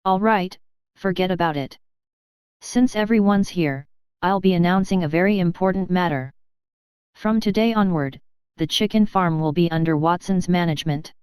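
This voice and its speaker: An earnest middle-aged father speaks deliberately in a storybook reading, as a woman reads his part. His voice is lowered and very clear, with a dry close sound. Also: a little mellow, no room sound, natural voice. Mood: announcing.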